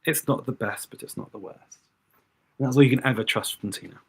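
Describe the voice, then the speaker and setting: A man's voice: medium pitch, a little fast, vocal fry, breathy edge. A young man doing drag makeup on a livestream, chatting casually and thinking aloud to his viewers.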